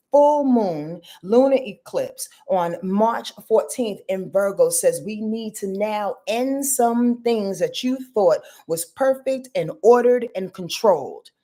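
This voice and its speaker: A woman hosts a live-stream astrology reading, speaking bluntly and profanely and calling her viewers y'all and boo-boo. Her voice is mid-range and warm, picked up by a webcam or phone.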